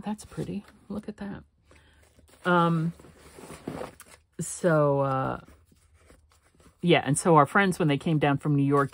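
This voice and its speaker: A woman's voice: deep voice, a little hiss or hum. A woman hosting a paper craft channel, chatting casually while she works, rambling through her talk with frequent laughs and restarts.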